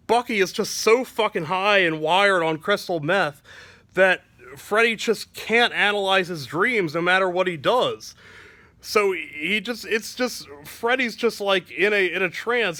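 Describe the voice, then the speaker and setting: A male comedian rambles through a crude comic story, full of fillers and restarts. His voice is bright and fairly high, and the sound is dry and close. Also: no echo.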